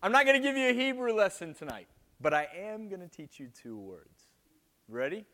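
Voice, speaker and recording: A man's voice: on the high side, lively intonation, a little fast, sharp tone. A man preaching a sermon with playful jokes to a live audience after an opening prayer.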